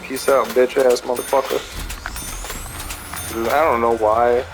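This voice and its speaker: A man's voice: mid-range voice, little pitch movement, measured pace, over music, low-quality recording. A man giving casual, profane, rambling commentary while playing a video game, with lots of fillers. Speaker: gamer. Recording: clicking noise in background.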